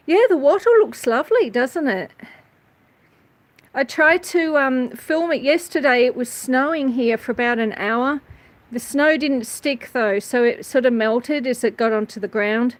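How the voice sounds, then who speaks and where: A woman's voice: on the high side, measured pace. An Australian woman hosting a casual livestream from her outdoor verandah, chatty and a little nervous as she greets viewers by name. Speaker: homestead channel host. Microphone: phone.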